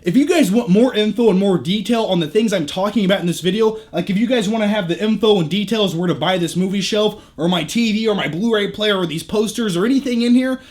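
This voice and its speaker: A man's voice: sits high, quick pace, hardly any pauses. A man giving a casual vlog tour of his home theater room, chatty, with joking asides and offhand swearing, recorded on a camera shotgun mic.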